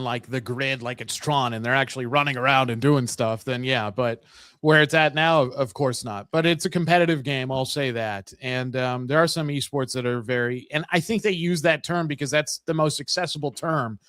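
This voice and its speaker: A man co-hosting a sports podcast in casual chat, explaining things in a relaxed, easygoing way. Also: medium pitch, no echo, studio quality. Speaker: podcast co-host.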